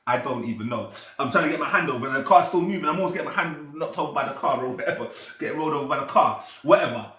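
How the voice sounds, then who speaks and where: A man telling a story in a casual, animated way. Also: on the high side, racing, hardly any pauses. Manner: animated, excitable, laughing as he tells it. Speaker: storyteller guest. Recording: echoey room, distant mic.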